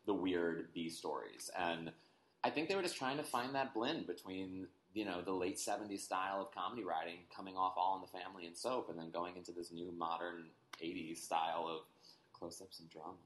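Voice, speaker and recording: Man, very deep voice, casual podcast chat, knowledgeable explaining, echoey room, faint noise. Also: a little fast, a bit bright. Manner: knowledgeable, explains at length with fillers. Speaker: podcast co-host.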